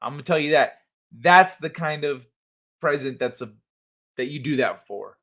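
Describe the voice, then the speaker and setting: Chill guy streamer reading chat out loud, cusses a lot, kinda high voice, mumbles off at the end of lines. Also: lively intonation, normal speed, pauses often. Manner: laid-back and profane, trailing off into mumbles. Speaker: livestream host. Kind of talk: casual chat, reading chat messages aloud.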